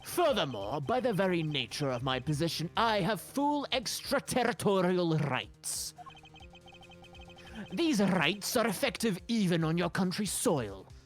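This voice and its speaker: Brief: woman voicing an arrogant old villain in a fan game dub, lordly, slow and smug, pitched low with swooping inflection. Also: sing-song, soft background music. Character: arrogant older male ambassador villain.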